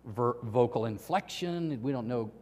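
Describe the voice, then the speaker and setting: A male pastor preaching a sermon, emphatic, with dramatic pauses and acted-out quotations. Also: medium pitch, lively intonation, darkish tone, in a large hall.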